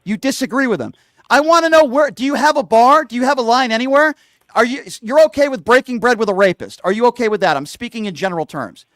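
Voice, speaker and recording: A man's voice: very high-pitched, expressive, fast talker, a bit bright, no echo, clean studio sound. A male talk show host arguing with a caller, hectoring, insulting him and repeating the same question. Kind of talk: heated call-in argument.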